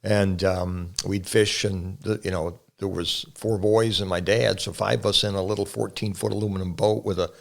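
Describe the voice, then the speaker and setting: An older man with a very deep voice and a gravelly edge talks in an earnest, unhurried way. He reminisces about his childhood and fatherhood in a casual chat with his son. His voice is rough with fry at the bottom of his range. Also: steady tone. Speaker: pastor and guest. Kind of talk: casual family conversation.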